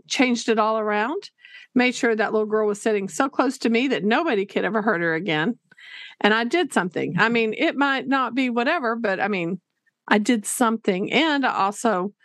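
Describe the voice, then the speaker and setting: A woman's voice: fairly high pitch, no echo, clean studio sound. A woman co-hosting a teaching podcast, telling a personal story in an earnest, casual way with many restarts.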